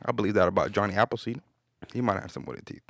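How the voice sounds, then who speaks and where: Fast-talking low-voiced man joking around. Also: dry recording, studio quality. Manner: animated storytelling, bursts into laughter. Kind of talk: casual comedic chat.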